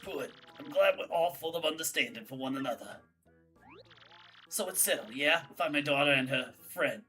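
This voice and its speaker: A woman voicing a gravelly old male mob boss creature in a video game, with a raspy, menacing drawl. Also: low voice, lively intonation, normal speed, fairly bright tone, recorded from a distance, soft background music. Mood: threatening. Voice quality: raspy Godfather-style mumble.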